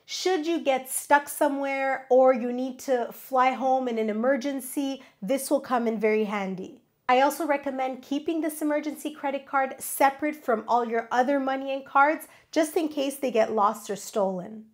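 Woman, nasal from a cold, high voice, upbeat instructive host, scripted tips. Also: moderate pace, hardly any pauses. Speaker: travel vlog host.

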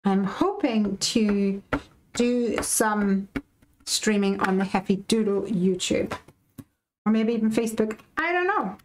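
Woman, craft livestream host, casual animated chat, mid pitch, faint hiss. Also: slow pace, rough recording. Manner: chatty, animated, reads out viewer comments. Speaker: live-stream craft host. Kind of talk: casual chat to live viewers.

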